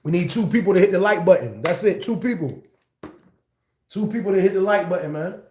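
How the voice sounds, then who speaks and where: A man hosts a casual storytime livestream, talking in loose, slangy bursts. His voice sits a bit high. The sound carries a roomy echo. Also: a little fast, slight background noise. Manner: loose, slangy, animated retelling.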